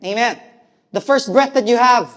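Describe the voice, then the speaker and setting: A man's voice: very high voice, normal speed, a bit bright, big-room sound. A male pastor with a Filipino accent preaching a sermon, mixing English and Tagalog and asking the congregation questions. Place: church hall.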